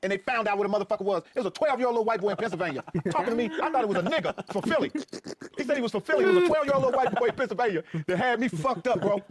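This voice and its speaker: A man's voice: extremely high pitch, expressive, racing, a little hiss or hum. A middle-aged man, a guest comedian, riffing and telling profane stories with emphatic, preachy repetition.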